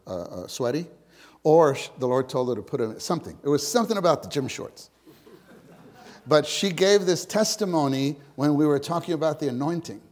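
A man giving an informal sermon to fellow believers, conversational and repetitive, swinging between loud emphasis and hushed, near-whispered words. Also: mid-range voice. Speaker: church speaker.

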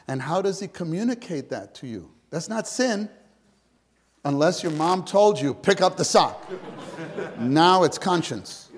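A man giving an informal sermon to fellow believers, conversational and repetitive, swinging between loud emphasis and hushed, near-whispered words. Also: on the high side, slightly rough. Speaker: church speaker.

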